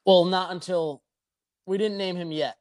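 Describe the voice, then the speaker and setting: A man spinning a long, crude story in casual banter. His voice sits a bit high. He swears as he goes and rambles through the details. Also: fairly even intonation, a little slow, darkish tone. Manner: profane, rambling anecdotal delivery.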